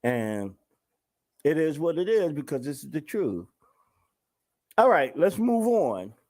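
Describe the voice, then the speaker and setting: A man's voice: fairly high pitch, big pitch swings, takes it slowly, a little mellow. A man hosting his own show, talking casually and in slang straight to his viewers. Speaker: show host. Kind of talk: casual talk-show monologue.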